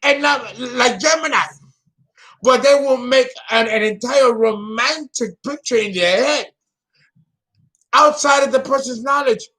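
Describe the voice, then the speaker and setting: Taking his time, a man talks as an astrologer in a casual vlog monologue. His delivery is emotional and stagey, shifting from loud bursts to low murmurs.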